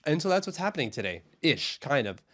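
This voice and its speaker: A man's voice: a little high, big pitch swings, quick pace, a bit bright. A man co-hosting a casual hockey podcast, chatty and jokey. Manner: chatty, jokey, slips into goofy put-on voices. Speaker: podcast co-host.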